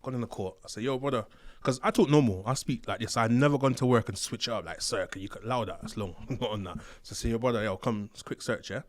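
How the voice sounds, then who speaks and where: A fast-talking man spins street-slang stories in a dry, close studio sound. His delivery is animated, and he slips into other people's voices as he tells his tales. He speaks at middle pitch. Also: no echo. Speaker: interview guest, former prison officer. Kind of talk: casual storytelling.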